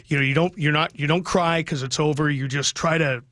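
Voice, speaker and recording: A man's voice: a little high, steady tone, fast, a bit bright, dry recording. A middle-aged man, a radio sports broadcaster, talking heartfelt and rambling about his son in a radio interview, choking up at times.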